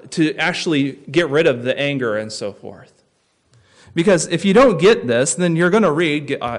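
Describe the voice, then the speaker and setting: A man preaching a sermon, telling stories and dropping to a near hush for tense moments before rising for emphasis. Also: on the high side. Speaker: pastor.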